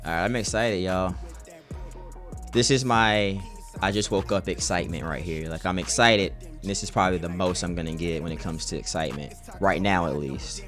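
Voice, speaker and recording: A man's voice: low-pitched, normal speed, fairly bright tone, soft background music. A young man streaming live, chatting casually with his chat in a laid-back, slangy way.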